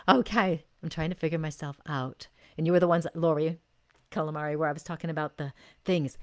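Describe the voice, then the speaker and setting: A woman's voice: low-pitched, steady tone. Effusive woman giving a soul reading. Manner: effusive and gushing, repeating praise; slow, drawn-out phrases while sensing. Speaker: intuitive reader and show host. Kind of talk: live-stream soul reading for viewers.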